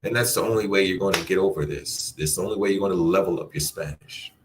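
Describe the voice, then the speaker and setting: A man teaching a language class, encouraging his students and repeating phrases slowly for them to practice. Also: sits low, a little hiss or hum. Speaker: Spanish teacher. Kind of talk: live online language class.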